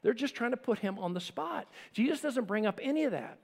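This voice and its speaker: Man, pastor preaching, emphatic then hushed, high voice, long hall reverb. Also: lively intonation, fairly quick, vocal fry. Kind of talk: sermon.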